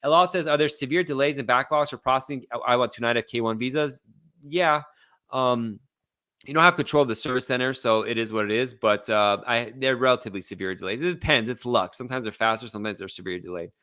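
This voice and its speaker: Blunt, bright-voiced male lawyer. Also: medium pitch, fast, no echo, clean studio sound. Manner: casual, reads out viewer questions and answers bluntly. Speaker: immigration lawyer. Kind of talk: live Q&A stream.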